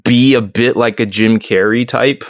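A man co-hosting a podcast in casual chat, measured and explaining things. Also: mid-range voice, fairly even intonation, no room sound, clean studio sound. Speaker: podcast co-host.

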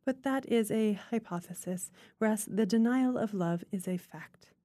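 A woman reading a literary short story aloud in a measured, unhurried way. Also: mid-range voice, warm tone, no echo. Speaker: guest reader.

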